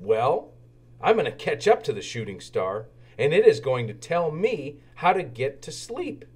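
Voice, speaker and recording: A man's voice: fairly high pitch, unhurried, a little hiss or hum. A man voicing a small, eager young tank engine who cannot sleep, in a storybook reading. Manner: excited, pleading.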